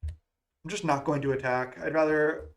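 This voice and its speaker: A man's voice: on the high side, fairly even intonation, unhurried, creaky. A man talking through his moves as he plays an online card game, musing and questioning himself as he goes. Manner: musing, self-questioning strategy talk. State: has the hiccups. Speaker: gaming content creator. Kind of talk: thinking aloud during card game play.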